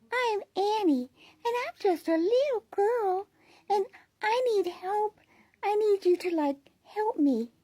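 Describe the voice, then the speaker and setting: A woman putting on the voice of a pleading, tearful little girl, whimpering and begging in a breathy way. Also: extremely high pitch, mellow, dry recording, voice pushed up.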